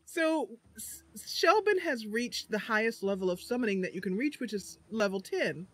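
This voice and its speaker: A chatty woman streaming a roleplay game who breaks into giggles often. Her voice sits fairly high and moves a lot in pitch. She talks casually and loosely. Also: animated, a little slow, a bit bright, husky.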